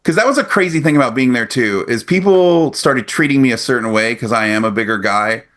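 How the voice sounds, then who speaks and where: On a podcast microphone, a forties-aged co-host with a mid-range voice talks a little fast, telling a lively story in casual chat. He acts out what the other people said as he goes.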